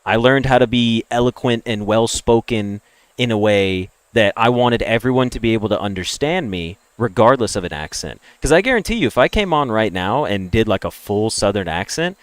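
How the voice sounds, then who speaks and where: A man with a General American accent from the Deep South, streaming and ranting bluntly, swearing freely. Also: animated, a little fast, no room sound. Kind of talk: casual livestream rant.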